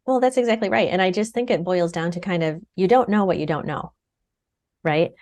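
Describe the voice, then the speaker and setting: Earnest middle-aged woman guest, lowish voice, keeps repeating words as she talks. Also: brisk, darkish tone. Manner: earnest, repeats words while searching for them. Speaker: guest, client sharing her recovery. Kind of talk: conversational interview.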